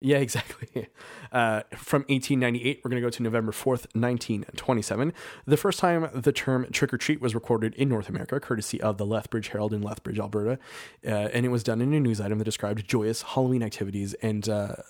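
A man's voice: mid-range voice, fairly even intonation, quick pace, a little mellow, no room sound, clean studio sound. A man co-hosting a casual podcast, chatty and full of "like" fillers, eager about trivia he researched. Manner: chatty, lots of "like" fillers, giddy about facts. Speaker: podcast co-host.

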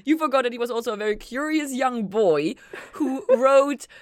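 A woman's voice: a little high, animated, normal speed, dry recording, studio quality. A woman co-hosting a podcast in casual chat, reading from her notes and laughing often. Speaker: podcast co-host.

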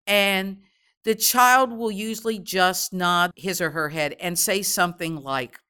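Gentle measured woman explaining calmly. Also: medium pitch, clean tone. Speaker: child grief expert guest. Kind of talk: interview answers.

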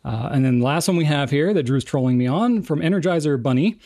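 A man's voice: on the high side, expressive, quick pace, hardly any pauses, warm tone. A man co-hosting a casual chat, reading viewer comments aloud and joking at himself, laughing often. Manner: jokey, self-deprecating, laughs often. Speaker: co-host.

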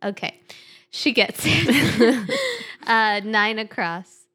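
A woman hosting a casual podcast chat, easygoing and quick to laugh. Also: fairly high pitch, a bit bright. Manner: giggly, easygoing, laughs often. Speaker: podcast host. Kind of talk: casual chat about crossword puzzles.

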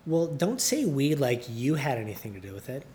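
A man from Canada, a podcast guest who jokes in a rambling, deadpan way. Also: mid-range voice, fairly quick, slight background noise. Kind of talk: casual joking chat.

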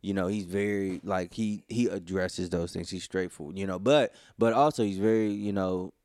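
A man's voice: deep voice, fairly even intonation, normal speed, a little mellow, no echo. A man co-hosting a podcast, talking casually and rambling with lots of "you know" fillers. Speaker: podcast co-host. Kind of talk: casual conversation.

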